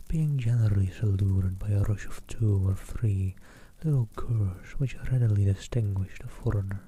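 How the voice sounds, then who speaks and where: Man in a dark, mellow ASMR whisper. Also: lowish voice, slightly rough. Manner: soft unvoiced whisper, reading a travel book aloud; self-deprecating asides between passages. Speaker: ASMR streamer.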